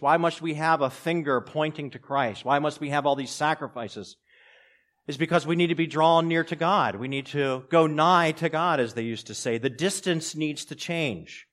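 A man preaching a sermon, swinging between loud, raised passages and quiet, low asides. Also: normal speed. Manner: preaching with strong rises and drops in pitch and loudness. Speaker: pastor.

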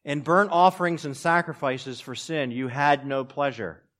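Man, pastor, sermon, dramatic rises and drops in pitch and volume. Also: fairly even intonation, normal speed. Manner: preaching with strong rises and drops in pitch and loudness.

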